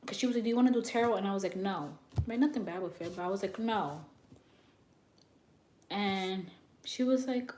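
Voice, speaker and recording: A young woman who works as a psychic reader, telling a story to her viewers in a brash, animated way and swearing freely. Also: a little high, moderate pace, pauses often.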